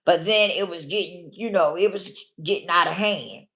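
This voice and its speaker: A woman's voice: fairly low pitch, normal speed, fairly bright tone. A woman telling her own story in a blunt, casual way, often checking in with the listener. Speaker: vlogger. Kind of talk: candid personal storytelling.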